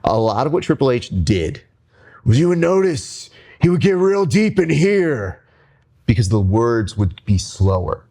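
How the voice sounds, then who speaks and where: Animated man coaching speech. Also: medium pitch, a little slow. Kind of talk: coaching chat.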